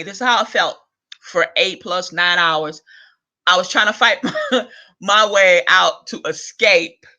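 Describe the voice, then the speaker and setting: High, bright-voiced ranting man. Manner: profane, exasperated, laughs between lines. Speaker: vlog host. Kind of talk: ranting monologue.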